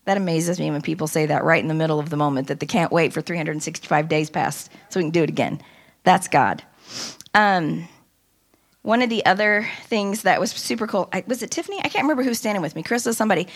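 A woman casually telling a lively story about a conference trip, often quoting people in animated voices. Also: fairly low pitch, quick pace. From United States. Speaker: speaker recounting a women's conference trip.

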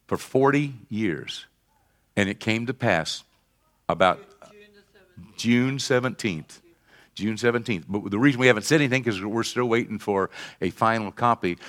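An older man with a mid-range voice preaches a sermon as pastor. He leads the congregation in call and response, swinging from soft talk to shouting.

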